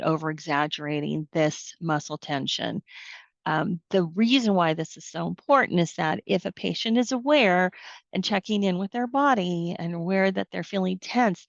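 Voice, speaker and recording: A woman presenting at a professional symposium, explaining a relaxation technique and then leading a slow guided breathing exercise in a calm voice. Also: fairly low pitch, vocal fry, no echo. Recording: dry, dull lo-fi session recording.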